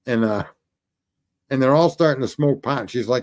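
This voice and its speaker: A man's voice: medium pitch, expressive, normal speed, darkish tone. A man hosting a call-in livestream, telling stories in a rambling, profane, casual way and laughing at his own jokes. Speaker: call-in show host.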